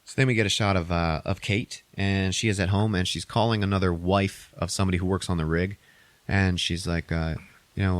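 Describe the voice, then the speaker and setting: A podcast host with a low voice retells a movie plot fairly quickly, casual and animated, full of swearing and put-on quotes. The sound is dry and close, with no room around it.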